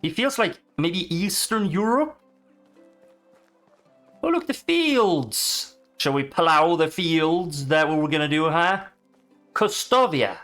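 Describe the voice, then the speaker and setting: A man giving casual, excitable commentary while playing a video game, swearing and chatting to the animals he meets. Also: a little high, takes it slowly, soft background music. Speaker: gaming streamer.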